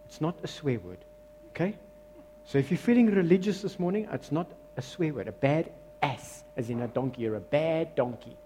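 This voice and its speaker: A man with a South African accent preaching a sermon as pastor, switching between loud exclamations and quiet asides. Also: fairly high pitch, moderate pace, long reverb tail, slight background noise. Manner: animated preaching, shifts between shouting and hushed asides.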